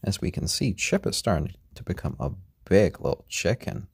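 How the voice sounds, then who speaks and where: Tired low-voiced man, soft husky chat. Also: very animated, no room sound, studio quality. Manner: gentle, unhurried, coos to a chick in a high voice. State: tired after a long workday. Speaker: live-stream host. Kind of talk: casual live-stream chat. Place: at home, indoors.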